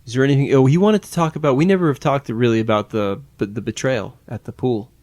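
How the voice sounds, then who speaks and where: A man's voice: mid-range voice, quick pace, a little mellow, slight background noise. A man co-hosting a podcast in casual chat, rambling and searching for words with many restarts. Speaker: podcast co-host.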